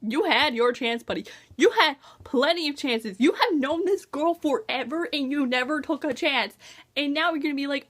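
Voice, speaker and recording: A young woman chatting excitedly in a casual book review, gushing and gasping as she talks. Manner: gushing, excitable, gasps and quick pitch jumps. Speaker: book vlogger.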